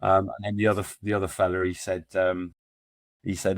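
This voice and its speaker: Speaking low, flat and brisk, this middle-aged founder of a men's support group rambles through stories as a podcast guest, restarting sentences and leaning on fillers. The sound is clean studio audio with no room echo.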